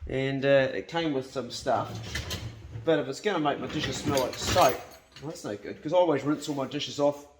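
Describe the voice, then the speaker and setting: A man's voice: medium pitch, normal speed, noisy background. A New man in his fifties chatting casually to camera in his home kitchen, blunt, swearing freely and laughing easily. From New Zealand. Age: 50s. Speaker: hunting and cooking vlogger.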